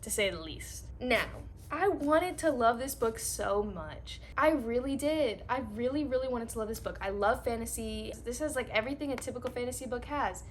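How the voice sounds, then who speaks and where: A woman's voice: on the high side, lively intonation, normal speed, hardly any pauses, slight background noise. A young woman talking casually and gushing about books, with lots of filler words. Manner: gushing, filler-heavy chatter. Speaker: book reviewer. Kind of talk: casual reading recap.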